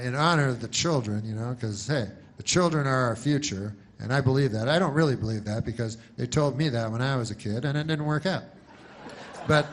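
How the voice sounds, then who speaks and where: Deadpan, rambling male comedian. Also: mid-range voice. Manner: deadpan, rambling, full of restarts. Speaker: stand-up comedian. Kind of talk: stand-up comedy.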